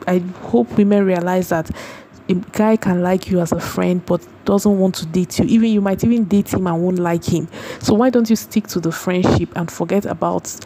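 A woman's voice: on the low side, fairly even intonation, moderate pace, few pauses, mellow, slightly rough. A woman with a Nigerian accent, chatting to viewers as a celebrity gossip vlogger and slipping into Pidgin asides. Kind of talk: casual gossip commentary.

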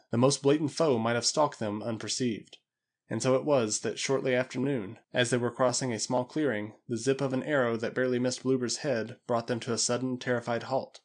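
A man narrating an audiobook adventure in a measured, even storytelling manner. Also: mid-range voice.

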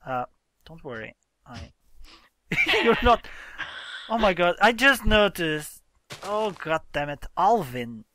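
A man's voice: sits high, very animated, slow pace, pauses often, sharp tone, a little hiss or hum. A man hosting a casual let's-play, explaining game mechanics and exclaiming in exasperation as he plays with a friend. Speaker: gaming channel host.

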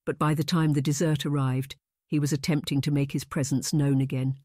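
An audiobook narrator reading a historical romance in an even, unhurried style. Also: mid-range voice, dry recording, studio quality. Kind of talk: scripted narration.

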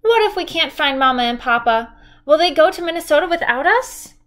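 Woman reads as a scared little lost girl in a storybook, high bright calls, urgent. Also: expressive, a little fast. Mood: tearful. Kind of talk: storybook read-aloud.

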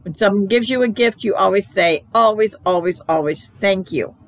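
A woman voicing a tired, patient mother in a storybook read-aloud, slow and dry. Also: medium pitch, lightly acted. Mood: lecturing. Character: weary, patient mother of a young girl.

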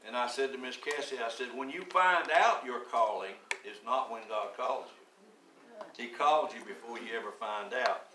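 A man in his seventies preaching a sermon, telling his story slowly and deliberately, then building to emphatic, rising declarations. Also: mid-range voice, sharp tone, reverberant, far from the mic, slight background noise. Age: 70s. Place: church sanctuary.

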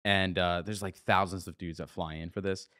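A man's voice: deep voice, moderate pace, dry recording, clean studio sound. A young man who is a musician and church worker, chatting as a guest in a casual interview and telling stories with acted-out quotes. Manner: relaxed storyteller, acts out quotes.

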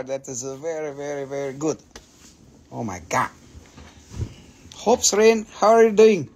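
An Appalachian man runs a live mineral sale, excitable and full of jokes, swearing freely as he goes. His voice sits fairly high with a gravelly edge. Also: moderate pace. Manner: excitable, jokey, swears casually.

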